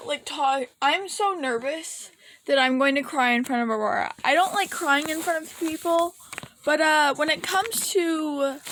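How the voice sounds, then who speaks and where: High-voiced woman ranting casually. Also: a bit bright, a little hiss or hum. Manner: rambling, emotional, breaks into laughs and near tears; curses casually. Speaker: vlogger. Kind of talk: casual rant to camera.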